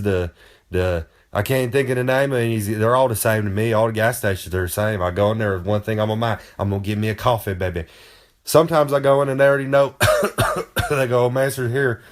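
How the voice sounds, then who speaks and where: A man giving a comic, boastful monologue. He rambles in a folksy way and talks about himself in the third person. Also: mid-range voice. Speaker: wrestler giving comic advice.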